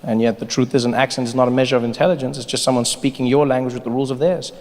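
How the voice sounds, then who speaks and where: A man performing an animated stand-up comedy set who slips into playful voices. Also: mid-range voice, rapid-fire. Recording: live hall with loud crowd.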